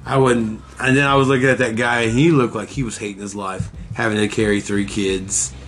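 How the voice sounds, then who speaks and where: A man's voice: fairly low pitch, flat delivery, fairly quick, fairly bright tone, faint music behind. A man in casual chat, telling crude stories with lots of swearing and laughter. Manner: profane, laughing storyteller.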